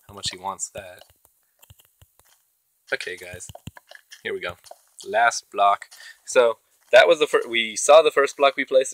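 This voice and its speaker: A man's voice: fairly low pitch, bright, forceful tone, rough recording. A man hosting his own gaming channel, giving casual, chatty commentary as he plays and talking to the creatures in the game. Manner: chatty, talks to himself and the game mobs.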